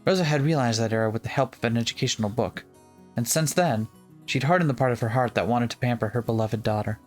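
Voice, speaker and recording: A let's-play co-host reading a visual novel's narration aloud, playful and quick to joke between passages. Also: medium pitch, faint music behind. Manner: playful, breaks into laughter and jokes.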